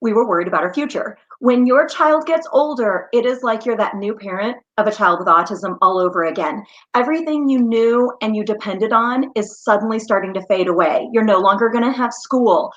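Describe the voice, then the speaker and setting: A woman's voice: fairly high pitch, fairly quick, few pauses. A woman speaks as a guest on an interview show, earnest and heartfelt as she tells her story. Her audio comes through slightly muffled and dull, as on a remote call. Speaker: guest, mother and small business founder.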